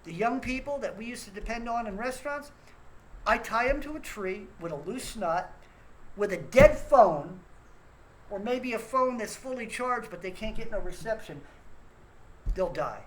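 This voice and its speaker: A man's voice: high-pitched, expressive, moderate pace, a bit bright, a little hiss or hum, rough recording. A man hosting his own rant show, scolding listeners in a blunt, profane and repetitive way. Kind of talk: angry ranting monologue.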